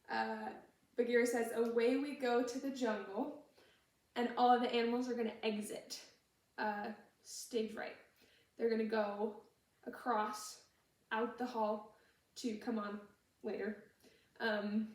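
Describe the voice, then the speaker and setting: A woman's voice: fairly high pitch, a little mellow. A young woman teaching a dance routine step by step, patiently explaining each move while she demonstrates. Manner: patient, explains moves while demonstrating, sometimes hums the tune. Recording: echoey room, voice from far off the mic.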